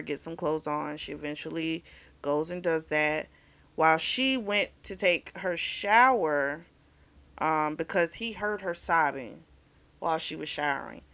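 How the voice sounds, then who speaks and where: Woman host, casual book recap, chatty and frank, bright tone. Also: fairly low pitch. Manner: candid and chatty, recounting the plot with frank opinions. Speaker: book review channel host.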